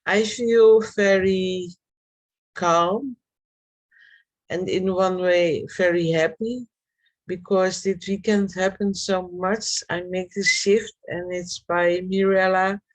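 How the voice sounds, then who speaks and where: Woman, slow, halting, heartfelt, group video call. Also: on the low side, steady tone, low-quality recording. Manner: slow, halting, heartfelt, non-native phrasing. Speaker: circle participant. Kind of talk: personal sharing in a group call.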